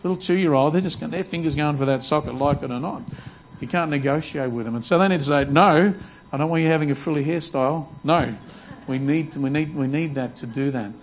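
A man's voice: a little high, fairly quick, slight background noise, poor audio. Earnest man preaching a sermon. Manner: earnest, repeats words and restarts sentences. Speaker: pastor.

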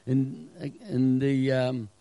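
A middle-aged male pastor preaching a sermon with earnest emphasis, now and then acting out scenes and dropping to a hush. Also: medium pitch, flat delivery, drawn-out words, vocal fry, dry recording, low-quality recording. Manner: earnest preaching with acted-out asides, drops to a hush.

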